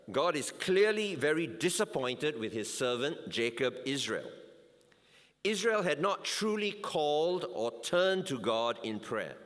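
A man delivering a sermon, reading scripture in a measured, emphatic way. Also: medium pitch, fairly bright tone. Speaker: preacher. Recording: long hall reverb.

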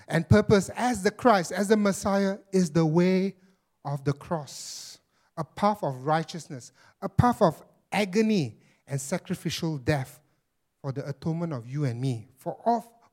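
A man's voice: sits high, lively intonation, a little slow. Emphatic man preaching a sermon. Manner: emphatic, repeats phrases, addresses listeners as friends. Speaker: pastor.

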